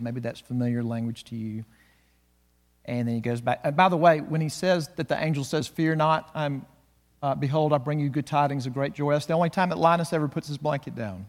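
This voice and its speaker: A male pastor preaching a sermon, slowing and swelling on key words. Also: medium pitch, in a large hall.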